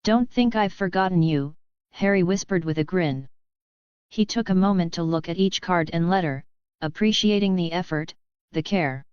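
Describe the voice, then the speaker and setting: A woman reading a fan novel aloud as an audiobook narrator, in an even, steady storytelling voice. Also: on the low side, normal speed, clear, resonant tone, dry recording, dull audio.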